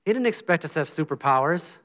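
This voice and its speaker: A man's voice: fairly high pitch, expressive, fast, pushed and bright. Earnest, humble man preaching casually. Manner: earnest, humble, conversational with frequent sighs. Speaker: lay preacher. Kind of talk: informal sermon with prayer.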